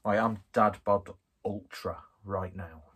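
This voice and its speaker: A man's voice: lowish voice, fairly even intonation, slow pace, fairly bright tone, husky. A man, from northwest England, chatting through a casual beer review in a rambling, self-deprecating, jokey way. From Skelmersdale, northwest England.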